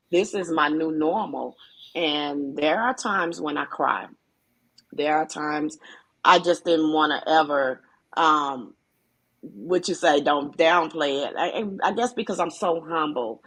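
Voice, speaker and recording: A woman guest telling her own story on a talk show, speaking hesitantly with many restarts and pauses. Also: deep voice, a bit bright. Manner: hesitant, with frequent restarts and fillers. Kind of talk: personal testimony on a talk show.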